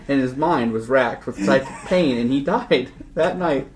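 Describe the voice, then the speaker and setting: A young man casually recapping a tabletop game, animated, jokey and slangy. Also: fairly high pitch, normal speed, few pauses. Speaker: podcast host recapping a game session.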